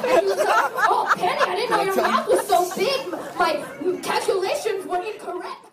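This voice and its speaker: An actress playing a squeaky-voiced, tiny, cute girl sidekick, telling a raunchy story on stage in a fast, giggling way. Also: animated. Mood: bawdy, giggly. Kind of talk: live comedy stage monologue. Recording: roomy live clip from far off, loud crowd and noise.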